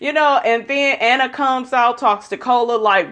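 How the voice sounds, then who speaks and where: A woman's voice: fairly high pitch, fairly even intonation, unhurried, a bit bright. A woman giving a casual, profane, gossipy recap of a reality show episode, blunt and opinionated about the people in it.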